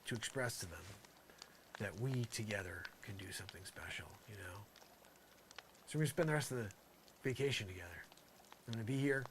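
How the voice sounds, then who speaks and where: A man doing an improvised comic monologue, rambling and sarcastic, swinging between loud outbursts and muttered asides. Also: on the low side, animated, brisk, pauses often, background noise. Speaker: comedian.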